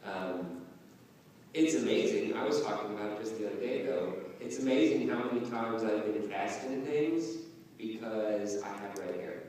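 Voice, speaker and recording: A man's voice: lowish voice, normal speed. A man, a voice actor on a convention panel, chatting casually and rambling with chuckles. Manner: relaxed, chuckling, rambling storyteller. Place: large convention hall. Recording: echoey hall, voice from far off.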